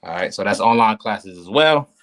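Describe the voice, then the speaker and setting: Male class member, laid-back and slangy, lower voice, addressing the room casually. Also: animated, moderate pace, fairly bright tone. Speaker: class member adding announcements. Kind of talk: casual chat.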